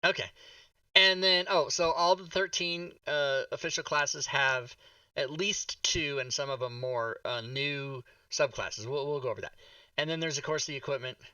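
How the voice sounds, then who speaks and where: Man, talk show host, bright tone, slightly off-mic, jokey rambling chat. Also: fairly high pitch, no room sound, far from the mic. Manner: jokey, rambling, quick asides. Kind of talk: casual streamed chat.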